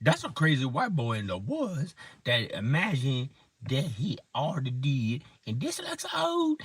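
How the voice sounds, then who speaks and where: Slow rambling man, husky voice. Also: mid-range voice, no echo. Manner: rambling, stream-of-consciousness, slow drawl. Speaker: amateur comedian. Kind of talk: rambling improvised monologue. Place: in his car in the woods.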